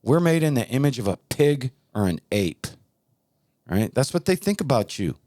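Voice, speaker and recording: A man's voice: mid-range voice, big pitch swings, normal speed, dark tone, a little hiss or hum. A man hosting a talk show, preaching in a heated, emphatic and repetitive way. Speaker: podcast host.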